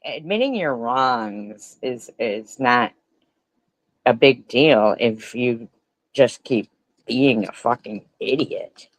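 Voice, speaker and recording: Very low-voiced woman ranting, profane. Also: expressive, slow pace, no echo, low-quality recording. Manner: profane, insulting, ranting back at a clip. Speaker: commentary streamer. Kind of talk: angry reaction commentary.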